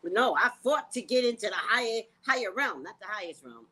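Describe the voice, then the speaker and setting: A woman's voice: medium pitch, brisk, slightly rough. A woman psychic hosting her own vlog, rambling bluntly and casually. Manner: animated, blunt, sings and repeats phrases.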